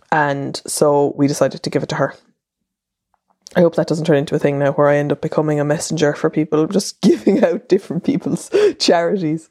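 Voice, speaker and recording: A woman's voice: low voice, dark tone, dry recording, clean studio sound. An Irish woman in her thirties hosting a podcast, talking in a chatty, rambling monologue that wanders and restarts itself. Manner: chatty, wandering, self-interrupting. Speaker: podcast host and columnist.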